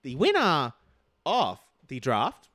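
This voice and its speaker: An excitable Australian man co-hosting a casual show, swinging his pitch all over as he jokes and laughs. His voice sounds close and dry, with no room echo. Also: slow. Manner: excitable, laughs often, theatrical. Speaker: co-host. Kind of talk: casual podcast banter.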